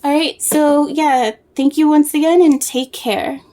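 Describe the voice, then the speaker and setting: A woman with a slightly high voice gives a casual tarot reading straight to the viewer. She talks in a soft, rambling way, hunting for words and restarting her sentences as the reading comes to her. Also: steady tone, measured pace. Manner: rambling, searching for words, many fillers and restarts. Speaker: tarot reader.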